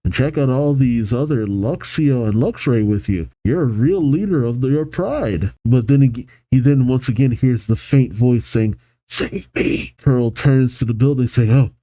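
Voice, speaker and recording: A man reads comic panels aloud and reacts between them, getting excited about the characters. His voice is very dark and mellow. The recording is dry and close, with no room sound. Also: mid-range voice, normal speed, hardly any pauses, dry recording, poor audio. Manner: animated, reads character lines with excitement, laughs often. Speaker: manga reaction host. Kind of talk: reading aloud with commentary.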